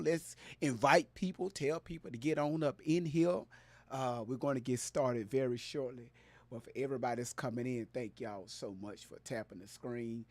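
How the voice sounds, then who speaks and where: A man hosting a casual live stream, loud and playful, hyping up his viewers and greeting them by name. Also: medium pitch, dry recording.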